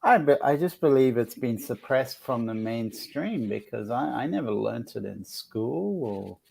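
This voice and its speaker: A man's voice: medium pitch, expressive, measured pace, gravelly, a little mellow, a little hiss or hum. A man hosting a casual spiritual chat, talking in a reflective, earnest way with many restarts. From outside the United States. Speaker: host.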